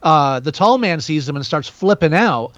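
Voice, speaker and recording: A man co-hosting a podcast, reviewing a film in casual chat, rambling with many restarts and animated asides. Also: fairly high pitch, normal speed, dry recording. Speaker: podcast co-host. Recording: dull lo-fi dry sound.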